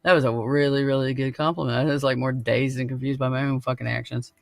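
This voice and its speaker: A man's voice: mid-range voice, fairly even intonation, fast, vocal fry, no echo. A man hosting a podcast in casual chat, laid-back and laughing often, swearing freely. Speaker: podcast host.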